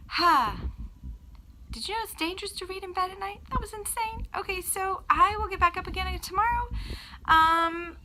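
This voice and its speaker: A woman with children chatting casually to camera in a vlog, telling a story with lively acted-out quotes. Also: extremely high pitch, normal speed, a little hiss or hum, poor audio. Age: adult with children. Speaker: vlogger.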